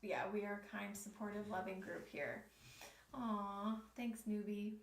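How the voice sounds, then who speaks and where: A woman's voice: mid-range voice, fairly even intonation, a little slow. A woman giving tarot readings on a live stream, chatting with her viewers and reading their comments aloud. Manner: talks straight to her viewers as a group. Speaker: tarot reader. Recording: roomy, distant mic, faint noise.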